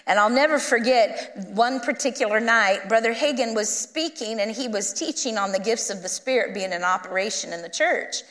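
A woman guest minister telling a story in a sermon, lively and conversational, acting out the people she quotes. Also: fairly high pitch, moderate pace, few pauses, in a large hall. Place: church sanctuary.

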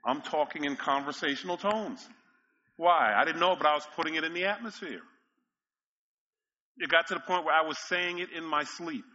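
A man's voice: on the high side, moderate pace, pauses often, sharp tone, highs cut off. A male pastor preaching a sermon, telling stories with emphatic repetition and frequent chuckles. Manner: storytelling, emphatic, chuckles often.

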